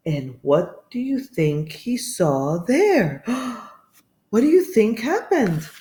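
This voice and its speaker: Woman reading a picture book, slow, lively pitch, echoey room. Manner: slow, expressive, asks listeners questions. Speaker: storybook reader. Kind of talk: children's read-aloud.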